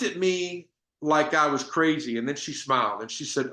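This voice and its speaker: A man's voice: fairly high pitch, normal speed, bright, forceful tone, roomy sound. A man giving a business sales training talk, telling stories in a conversational way with frequent restarts.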